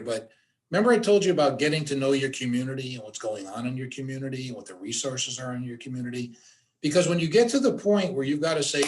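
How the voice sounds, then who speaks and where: A man teaching a suicide awareness workshop, giving direct instructions and repeating his key points for emphasis. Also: mid-range voice. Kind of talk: workshop presentation.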